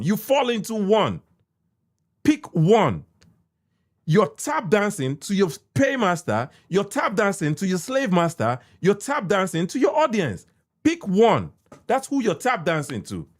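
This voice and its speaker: A Nigerian man with a Nigerian accent, a podcast host giving heated, repetitive commentary that swings from shouts to muttered asides. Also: high-pitched.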